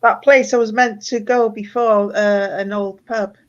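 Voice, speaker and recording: A middle-aged woman chatting casually, unhurried and trailing off with fillers. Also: mid-range voice, steady tone. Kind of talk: casual chat. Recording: dull, muffled sound.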